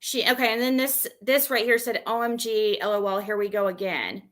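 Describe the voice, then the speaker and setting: A woman's voice: medium pitch, brisk, a bit bright. A woman streamer venting and rambling as she retells an argument, with many restarts.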